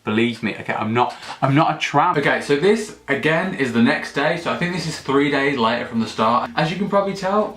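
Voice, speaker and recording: Jokey young vlogger, mid-range voice, casual swearing, echoey room with soft music underneath. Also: male voice, mid-range voice. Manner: jokey, excitable, swears freely. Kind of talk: casual direct-to-camera chat.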